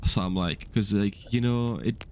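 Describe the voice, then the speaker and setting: A man's voice: fairly low pitch, unhurried, slight background noise. A young man co-hosting a podcast, telling a story in a rambling, self-mocking way with many fillers. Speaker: podcast co-host. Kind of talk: casual storytelling chat.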